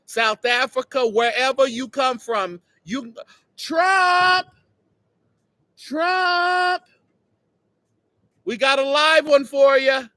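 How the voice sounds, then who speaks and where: High, lively man teasing outdoors. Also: dry recording. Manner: mocking, teasing, animated. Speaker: host. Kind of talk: casual livestream chat.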